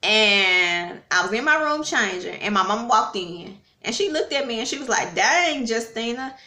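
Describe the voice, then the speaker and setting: A woman tells a personal story in a chatty, casual way and talks straight to her viewers. Her voice is bright and clear, and the room around her is noticeably echoey. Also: medium pitch, animated, normal speed. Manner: chatty, addresses viewers, frequent fillers. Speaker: vlogger. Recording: roomy echo.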